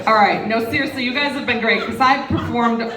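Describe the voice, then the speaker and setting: A woman's voice: on the high side, a little fast. Brash fifty-something woman comic, live in a reverberant reception hall, heard from a distance over audience laughter. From Wisconsin. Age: 50s. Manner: brash, bawdy, conspiratorial with the audience. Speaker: stand-up comedian. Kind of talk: stand-up comedy set. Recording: echoey hall, distant mic, loud crowd laughter and noise.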